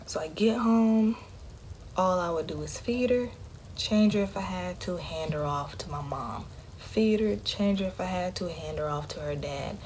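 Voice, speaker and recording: Low-voiced woman sharing candidly. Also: normal speed, a little hiss or hum. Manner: candid, conversational, drops into a hush often. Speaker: vlogger. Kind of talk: personal storytelling to camera.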